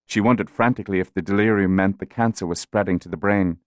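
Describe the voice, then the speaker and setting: Male audiobook narrator, low, calm and measured, dry close sound. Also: no echo.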